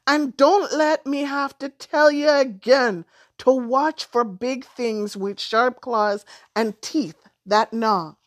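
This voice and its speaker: A woman's voice: sits high, slow pace, no room sound, clean studio sound, pitched above the performer's own voice. A woman voicing a protective, scolding mother snake in a spoken storybook tale. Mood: warning. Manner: scolding, warning.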